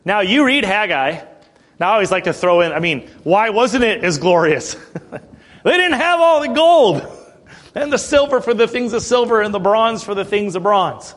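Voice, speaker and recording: A man preaching a sermon who reads scripture aloud, explains it in plain everyday words, often clears his throat and checks in with his listeners. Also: high-pitched, expressive, moderate pace, a bit bright. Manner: checks in with listeners, "Okay?" and "Amen?".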